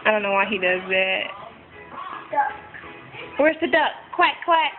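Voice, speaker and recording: At home, a young mother with a medium-pitched, expressive voice unhurriedly coaxes her toddler to name animals and say words, making animal sounds in casual baby talk. The phone recording sounds tinny, with music in the background.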